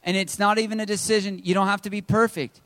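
A man's voice: sits high, flat delivery, fast talker, fairly bright tone, no echo. A man preaching a sermon to his congregation in a conversational, joking way. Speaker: pastor. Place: church service.

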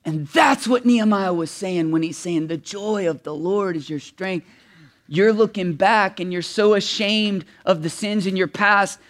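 A man preaching a sermon as a pastor, swinging from shouted emphasis to hushed, intimate passages. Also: high voice.

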